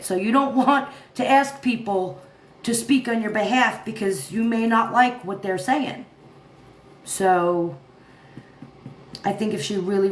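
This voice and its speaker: A tired woman hosting a casual livestream, rambling, laughing often and chatting with her viewers and her cat. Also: mid-range voice. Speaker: livestream commentary host. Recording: echoey room with faint noise.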